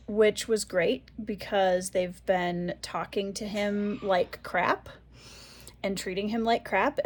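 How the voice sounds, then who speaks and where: Woman ranting on a reading vlog. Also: mid-range voice. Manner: frustrated ranting, repetitive. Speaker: book vlogger.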